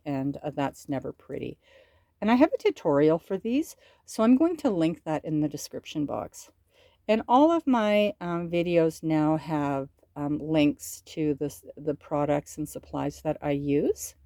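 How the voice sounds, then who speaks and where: A middle-aged woman vlogger talks slowly through her handmade crafts, gushing over each detail. Her voice sits low and mellow. The sound is close and dry. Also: no echo. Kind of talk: casual show-and-tell.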